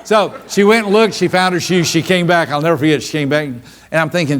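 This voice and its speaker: Animated storyteller man coaching a seminar. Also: a little high, fast, few pauses. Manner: animated storyteller who acts out his stories. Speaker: business coach and speaker. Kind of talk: humorous seminar talk with personal stories.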